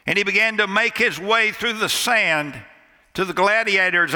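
A male pastor preaches in a church sanctuary, his high, very bright and forceful voice trailing off into a long hall reverb. He delivers the sermon slowly and deliberately, pausing dramatically and dropping nearly to a hush for emphasis. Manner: dramatic storyteller with pauses and emphatic drops to near quiet. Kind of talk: sermon storytelling.

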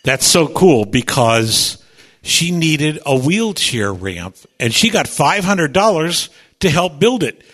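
Excitable man radio host, upbeat storyteller. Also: a little high, slow pace. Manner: chatty, repeats words when excited, slips into voices. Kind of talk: animated on-air storytelling. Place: radio studio.

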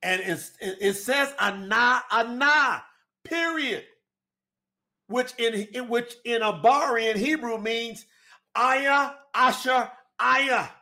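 A man with a high, bright, ringing voice teaches about scripture translation. He drives each point home emphatically and keeps throwing rhetorical questions at his listeners. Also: slow pace. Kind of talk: religious teaching talk.

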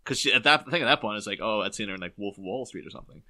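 A man's voice: lowish voice, very fast, a crowd in the background. A young man co-hosting a podcast, chatting casually about a film with lots of fillers and restarts. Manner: animated, rambling with many fillers and restarts. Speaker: podcast co-host.

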